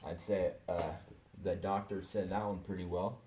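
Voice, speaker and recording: A man's voice: deep voice, little pitch movement, normal speed, warm tone, far from the mic. A man telling stories in a laid-back, slangy way and laughing often. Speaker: storyteller. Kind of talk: casual storytelling monologue. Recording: echoey room, off-mic, faint ambience.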